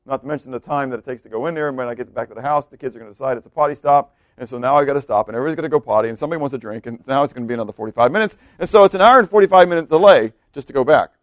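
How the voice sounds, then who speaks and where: A man with a Southern US accent preaching a sermon, animated and folksy, acting out the voices of biblical figures as he tells the story. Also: medium pitch, rapid-fire, few pauses, no room sound, clean studio sound. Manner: folksy asides to the congregation. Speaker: pastor.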